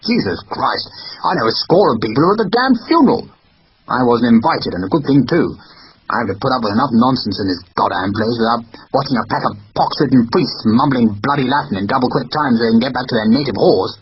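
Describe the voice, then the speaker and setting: A man's voice: medium pitch, animated, fast talker, slightly rough. A man voicing a bad-tempered, overworked middle-aged merchant consul who grumbles and curses in a hard, clipped way. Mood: irritable. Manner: grumbling and cursing. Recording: dull lo-fi recording.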